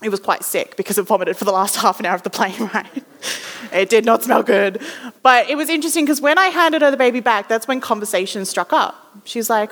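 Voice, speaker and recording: Young Aussie woman preacher, somewhat high voice, chatty storytelling sermon, reverberant hall sound. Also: moderate pace. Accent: Australian. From Western Australia. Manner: chatty, self-deprecating, animated quoting. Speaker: ministry student preaching.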